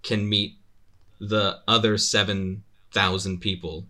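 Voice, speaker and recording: A man's voice: fairly low pitch, little pitch movement, slow, sharp tone. Rambling young man on a podcast. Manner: rambling, stumbling restarts, dry humor. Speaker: podcast co-host. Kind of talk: casual podcast chat.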